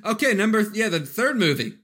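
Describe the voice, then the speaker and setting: A man's voice: high voice, very animated, fast, a bit bright, breathy edge. A young man hosting a casual podcast chat, telling wry stories and laughing along. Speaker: podcast host.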